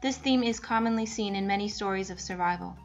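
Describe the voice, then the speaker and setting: A woman's voice: medium pitch, fast talker, lo-fi sound, over music. A young adult woman, a student, reading a prepared class presentation steadily as a voice-over. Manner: reads a prepared script steadily.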